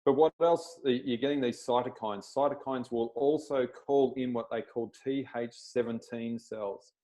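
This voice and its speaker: A man's voice: mid-range voice, fairly even intonation, moderate pace, warm tone, rough recording. A man, a chiropractor, giving a plain-spoken explanatory talk over a video call and checking in with his listeners.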